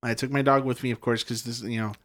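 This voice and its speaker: A man's voice: medium pitch, level tone, fast, fairly bright tone. A young man telling a story in casual chat, rambling, with lots of fillers and swearing. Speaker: podcast guest telling a ghost story.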